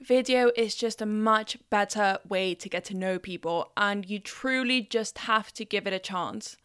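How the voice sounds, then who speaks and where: Smooth-voiced blunt woman vlogger. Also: mid-range voice, unhurried, fairly bright tone, dry recording, studio quality. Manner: blunt, opinionated. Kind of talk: opinion commentary.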